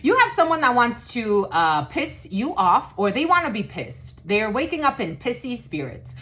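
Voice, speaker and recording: Woman tarot reader, lively pitch, loose casual delivery with swearing and fillers. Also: normal speed. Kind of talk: casual collective tarot reading.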